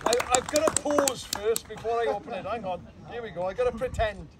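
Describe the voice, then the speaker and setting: A man's voice: high voice, lively intonation, a little fast. A man with a Welsh accent giving a chatty, teasing, rambling speech to open a bird hide, full of asides. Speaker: guest speaker opening a bird hide. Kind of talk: humorous off-the-cuff public speech. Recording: crowd noise and background chatter.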